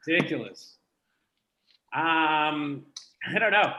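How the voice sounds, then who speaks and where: A young man from Canada doing a live stand-up comedy set, self-deprecating and conversational. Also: fairly high pitch. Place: comedy venue with live audience.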